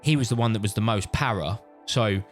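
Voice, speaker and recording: A British dad casually telling a funny story, animated and swearing freely. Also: male voice, lowish voice, brisk. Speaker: vlogger, father. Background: faint background music.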